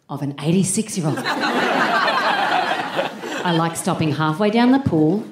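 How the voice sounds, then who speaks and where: A woman performing live stand-up comedy as co-host, brash, sweary and self-mocking. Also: on the low side. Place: large arts-centre venue with a live audience. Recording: roomy live stage with audience noise.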